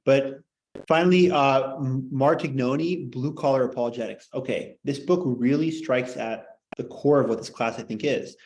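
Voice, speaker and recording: Male teacher, mid-pitched voice, loose rambling classroom talk full of "like" and jokes. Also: normal speed, darkish tone, low-quality recording. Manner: rambling, joking, heavy on fillers. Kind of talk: casual classroom lecture.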